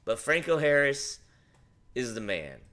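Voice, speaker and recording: A man with a bright, forward voice tells a rambling personal story on a livestream. He talks casually and animatedly, swearing along the way. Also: mid-range voice, sing-song, a little slow. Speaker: livestream host.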